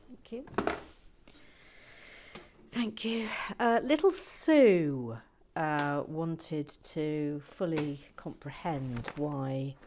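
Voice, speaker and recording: Slow, soft-spoken playful woman. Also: deep voice. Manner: soft-spoken, playful, dry asides, drifts into whispers. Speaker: host building toy brick sets. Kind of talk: relaxed build commentary.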